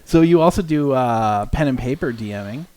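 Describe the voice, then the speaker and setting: A man's voice: mid-range voice, lively intonation, moderate pace, a little mellow. A man co-hosting a livestream, asking casual questions, who laughs easily. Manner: laughs easily, short affirmations. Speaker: livestream co-host. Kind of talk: casual interview chat.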